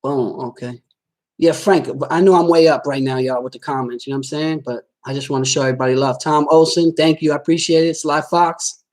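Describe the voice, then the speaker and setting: A man's voice: on the high side, fairly even intonation, fairly quick, darkish tone. Profane streetwise man chatting on a livestream. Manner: talks straight at viewers, often asking if they follow. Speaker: livestream host reading viewer comments. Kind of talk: casual livestream chat.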